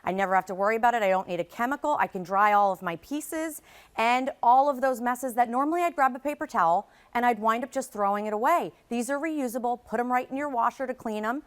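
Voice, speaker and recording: A woman's voice: fairly high pitch, fast, smooth. Gushing woman demonstrating products. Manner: enthusiastic, gushing. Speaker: product designer guest. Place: TV studio.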